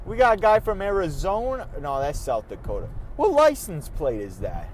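A man rambles to his podcast listeners from behind the wheel, restarting sentences and repeating words. His somewhat high voice rises and falls a lot. Faint traffic noise sits under him. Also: huge pitch swings, moderate pace. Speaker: podcast host. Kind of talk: casual rambling monologue while driving. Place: in a car on city roads.

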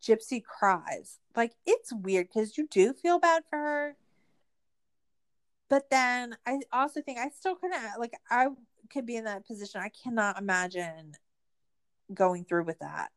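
A woman recapping a true-crime documentary in casual chat, sarcastic and swearing, full of "like" fillers, her voice jumping high when she is exasperated. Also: animated, a little slow. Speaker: podcast host.

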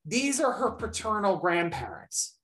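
She has a medium-pitched voice and an unhurried delivery. A podcast host in casual chat, she animatedly tells a long story and acts out the people she quotes.

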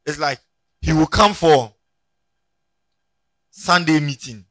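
Here a man is heard preaching as pastor, cracking jokes with lively energy and telling the congregation to turn to their neighbors. The voice runs slightly high at a slow pace, and the recording is dry.

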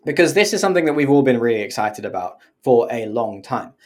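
A woman's voice: very deep voice, lively intonation, fast. A woman co-hosting a podcast in easy, rambling chat. She laughs while she explains, swears now and then, and drops into goofy put-on for single words. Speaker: podcast co-host.

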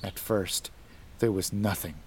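Slow, dramatic male horror narrator. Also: deep voice, steady tone, slight background noise. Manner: measured, dramatic, rising to tense emphasis.

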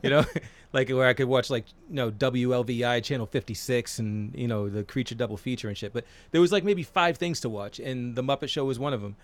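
Podcast co-host, forties, mid-pitched man, loose rambly delivery with lots of fillers and swearing. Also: brisk, few pauses. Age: 40s. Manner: rambling, profane, with many fillers. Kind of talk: casual chat.

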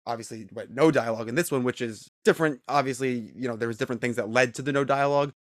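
A man's voice: medium pitch, fast, no room sound, studio quality. An American man hosting a podcast, asking questions in a conversational, thinking-aloud way. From United States. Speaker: podcast host. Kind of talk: casual podcast interview.

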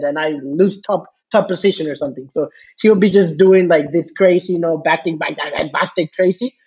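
A man's voice: sits high, darkish tone, husky, dull audio. A man telling a story as a podcast guest, rambling with lots of fillers and restarts, laughing often. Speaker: podcast guest, jiu-jitsu student. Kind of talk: casual storytelling chat.

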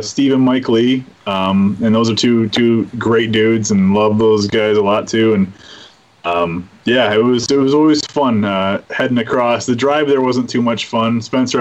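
A man hosting a casual chat, rambling and repeating his words in an easygoing way. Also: mid-range voice. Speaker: podcast host. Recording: slightly dull lo-fi sound.

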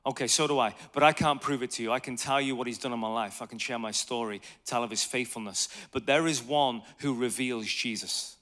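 A man in his thirties preaching a conversational sermon on evangelism, telling lively stories and asking the audience questions. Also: mid-range voice, brisk, hardly any pauses.

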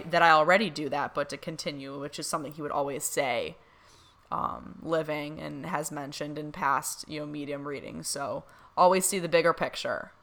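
Young woman vlogger, casual and gushing, bright tone, slightly low pitch. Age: young adult. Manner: excited, gushing, many fillers. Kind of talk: casual storytelling to camera.

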